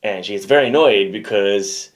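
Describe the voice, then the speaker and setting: A man's voice: on the low side, normal speed. A man with an Australian accent co-hosting a music reaction show, chatting in an easygoing, self-deprecating way. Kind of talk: casual chat.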